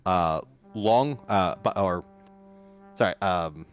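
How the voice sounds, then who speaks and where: A man's voice: on the low side, lively intonation, normal speed, soft background music. A man narrating as game master, rambling with many fillers and restarts.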